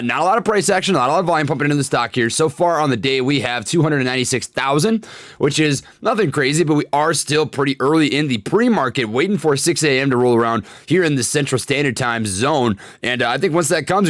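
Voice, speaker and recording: A man's voice: medium pitch, lively intonation, fast talker, fairly bright tone, no echo. A young man hosts a casual stock-trading livestream with hyped, slangy energy, tossing out catchphrases and greeting chatters by name. His voice sits in an ordinary middle register. He is recorded close on a desk microphone in a dry room at home. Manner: hyped, slangy, catchphrase-heavy, reads chat aloud. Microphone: desk condenser microphone.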